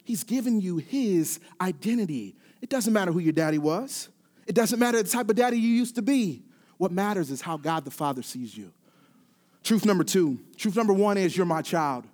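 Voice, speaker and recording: A man preaching a sermon, often dropping quiet and then building to emphatic, repeated calls. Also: sits high, expressive, a little fast. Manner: swings from quiet to rising, emphatic repetition. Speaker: pastor.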